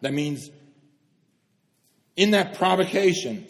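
Man, preacher, sermon, emphatic then hushed, slightly high-pitched, echoing church hall. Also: animated, measured pace, long pauses. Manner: fervent, swings from loud emphatic stresses to hushed, solemn lows. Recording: long hall reverb.

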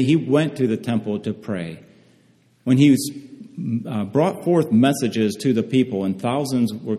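A man delivering a sermon in a mellow, dark-toned voice, reading scripture slowly with careful emphasis. He often pauses and restarts his phrases. His voice rings with a long hall reverb. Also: mid-range voice. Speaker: preacher.

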